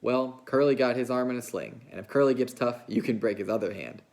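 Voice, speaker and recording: A man reading a novel aloud, putting on the voice of a lonely, restless young ranch wife who talks in a coaxing, hurried way. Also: mid-range voice, creaky, darkish tone, natural voice. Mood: teasing. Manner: coaxing, fast, pleading.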